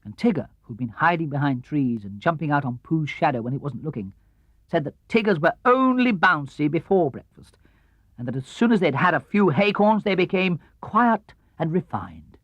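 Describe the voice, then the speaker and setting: A man reading a children's storybook aloud in an expressive, lively way, on an old studio record. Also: moderate pace, no echo. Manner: lively, expressive, drops low and soft for narration tags. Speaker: audiobook reader. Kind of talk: storybook narration. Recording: dull, dry 1970s LP studio recording.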